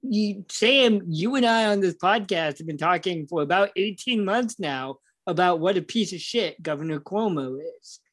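A man's voice: sits high, animated, normal speed, few pauses, a bit bright. A man co-hosting a political podcast, talking casually and bluntly with plenty of swearing. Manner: blunt, profane. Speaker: podcast co-host.

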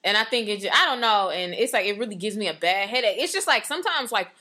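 A woman in casual, animated chat, trailing off and restarting as she talks. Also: mid-range voice, fast.

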